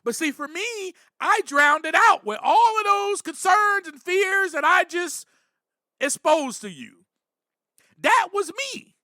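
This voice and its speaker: A man's voice: very high voice, expressive, slow pace, sharp tone, no room sound, clean studio sound. A man hosting a podcast, giving earnest, reflective spiritual recovery talk, with frequent "you know" and bursts of emphasis. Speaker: podcast host.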